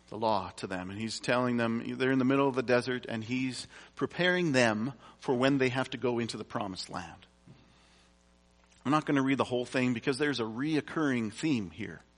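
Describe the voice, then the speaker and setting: A man's voice: mid-range voice, fairly bright tone. A man preaching a sermon, reading scripture aloud and explaining it in a conversational way with casual asides. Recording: long reverb from a large hall.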